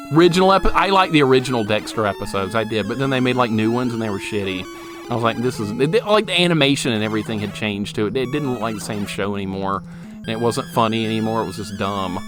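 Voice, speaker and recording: Chatty gamer guy with a lively voice. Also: lowish voice. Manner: chatty, animated, laughs easily, swears casually. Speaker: streamer. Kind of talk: casual gameplay commentary, chatting with viewers. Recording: game music playing loudly beneath the voice. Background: retro game music.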